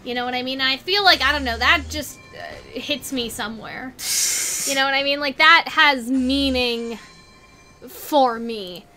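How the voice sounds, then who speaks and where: A woman's voice: high-pitched, unhurried, sharp tone, soft background music. A woman host losing her voice, casually rambling through an analysis and asking 'you know what I mean' over and over.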